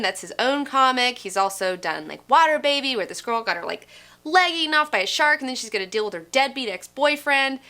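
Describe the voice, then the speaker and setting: A young woman ranting enthusiastically about a comic, gushing and swearing, full of "like" and fast asides. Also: on the high side, bright, forceful tone. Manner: gushing, profane, lots of "like". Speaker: comic book reviewer. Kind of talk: excited solo review rant.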